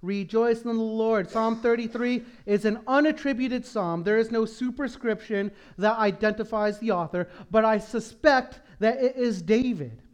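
A male pastor preaching a sermon in a church, moving from hushed prayer to loud, emphatic exhortation. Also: high voice, moderate pace, hardly any pauses. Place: church sanctuary.

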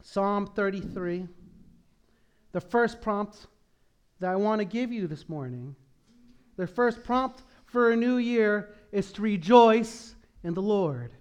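Male pastor, very high voice, emphatic sermon, hushed to loud, church. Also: slow pace, smooth. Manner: emphatic, swings from hushed prayer to loud exhortation. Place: church sanctuary.

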